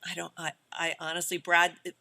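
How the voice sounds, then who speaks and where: A middle-aged woman film director talking in a casual interview, animated, often laughing and restarting her sentences. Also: fairly low pitch, fairly quick, creaky.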